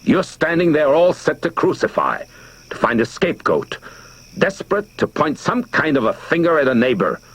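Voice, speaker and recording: An angry, defiant man lecturing a crowd, forceful and shouting, performed by a male narrator. His voice is gravelly and husky, with pitch that swings a lot. Faint music runs under the storybook reading. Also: sing-song, normal speed, exaggerated voice.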